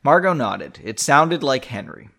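A man reads his own fantasy chapter aloud, then drifts into loose, self-mocking commentary. His voice sits mid-pitch and swings up and down lively as he talks, and he breaks into laughter at his own writing. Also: measured pace, vocal fry. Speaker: author reading his own story. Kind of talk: casual storytelling with rambling commentary.

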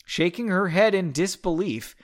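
Man, podcast host, sarcastic reader, lively swooping pitch, slightly high voice. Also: normal speed. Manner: sarcastic, swears, breaks off with jokes. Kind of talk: comedic reading of fan fiction.

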